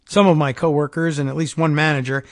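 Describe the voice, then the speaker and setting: A man's voice: fairly high pitch, flat delivery, fast talker, no room sound, clean studio sound. Man reading aloud with sardonic asides. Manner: reads a first-person account, dropping to quiet sarcastic asides. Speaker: podcast host.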